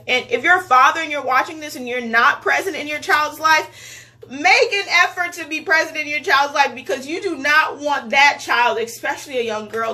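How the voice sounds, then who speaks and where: A woman speaks in a bright, forward voice pitched a little high, confiding in her viewers through a personal video diary. Her delivery is earnest and halting, with emotional restarts. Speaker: lifestyle vlogger.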